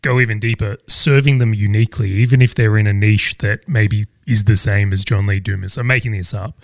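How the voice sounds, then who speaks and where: Low gravelly-voiced podcast host. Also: male voice, steady tone, a little fast, no echo, clean studio sound. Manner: thoughtful, builds on the guest's points before asking questions. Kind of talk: casual interview chat.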